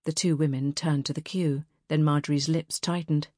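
A woman narrating a novel in a measured, even way. Her voice is low and the recording dry and close. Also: no echo. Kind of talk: audiobook narration.

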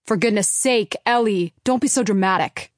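Brief: woman reader playing a defensive dad, loud, clipped, dry audiobook sound. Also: medium pitch, normal speed, no room sound, close to an everyday voice. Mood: exasperated. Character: father, businessman, defensive and brusque. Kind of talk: audiobook character reading.

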